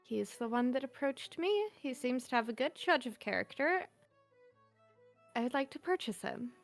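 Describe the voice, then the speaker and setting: A woman voicing a gentle, polite female elf in a tabletop game, speaking softly and courteously in near her own voice. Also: high voice, animated, normal speed, soft background music. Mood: bargaining. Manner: soft, polite, coaxing.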